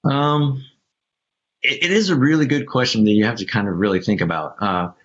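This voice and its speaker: A man speaking on a panel, thinking aloud with frequent pauses, ums and restarts. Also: medium pitch, a bit bright. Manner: hesitant and reflective, many ums and restarts. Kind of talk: candid panel discussion. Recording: dull lo-fi audio.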